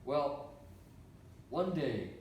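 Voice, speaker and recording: A man from Canada, a preacher telling a story in a sermon with animated, repetitive delivery. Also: medium pitch, very slow, slight background noise. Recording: echoey room, mic from far off.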